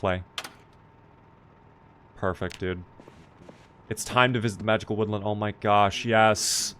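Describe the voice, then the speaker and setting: A man's voice: lowish voice, steady tone, unhurried, long pauses, fairly bright tone, a little hiss or hum. A man casually commenting on his gameplay on a live stream, chatty and playful, joking with his chat.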